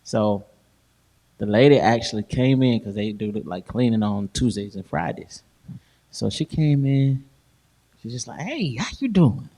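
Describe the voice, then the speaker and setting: A man's voice: fairly low pitch, unhurried, pauses often, dark tone. A man co-hosting a podcast, telling stories in casual chat with slang, laughing often and acting out what people said. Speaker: podcast host.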